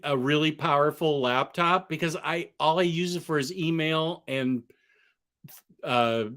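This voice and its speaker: Slow-talking man chatting on a livestream. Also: on the high side, bright, forceful tone. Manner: rambling, restarts often, answers chat questions. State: has the hiccups. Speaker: comic book collector streamer. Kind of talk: casual livestream chat. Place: apartment room among bookshelves.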